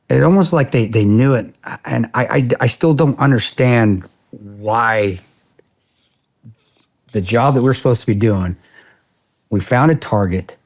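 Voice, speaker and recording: A man in his forties tells a story as a podcast guest. His low, husky voice stays blunt and profane, and he keeps acting out what people said. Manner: profane, blunt, animated retelling with quoted dialogue. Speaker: podcast guest, former security contractor. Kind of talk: storytelling in a casual interview.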